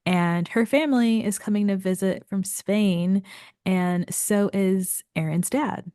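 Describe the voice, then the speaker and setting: A woman's voice: mid-range voice, takes it slowly, warm tone, smooth, no room sound, studio quality. A woman co-hosting a book podcast, talking in a laid-back, chatty way. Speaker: podcast co-host. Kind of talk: casual book chat.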